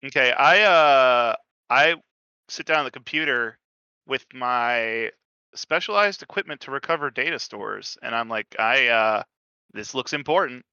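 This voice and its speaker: Very bright, joking male player. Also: mid-range voice, lively intonation, a little slow, clean tone, dry recording, muffled recording. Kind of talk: casual tabletop play.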